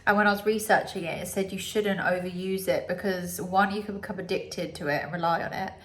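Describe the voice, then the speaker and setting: A woman's voice: lowish voice, steady tone, a little fast. A young woman from the UK, her nose blocked and congested, rambling casually in a home vlog with plenty of fillers. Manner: chatty, rambling, with many fillers. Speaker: vlogger.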